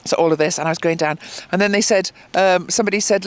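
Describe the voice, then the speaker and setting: A woman's voice: fairly low pitch, fast talker, few pauses, clean tone. A woman on a beach by a fire, telling a story animatedly and acting out other people's lines. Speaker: founder of a swimming group, interviewee. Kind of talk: casual storytelling. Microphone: handheld microphone.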